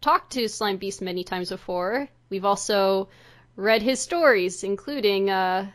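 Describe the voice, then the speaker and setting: A woman's voice: medium pitch, measured pace. A woman hosting a podcast in casual chat, joking around, swearing freely and laughing often. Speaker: podcast producer and host.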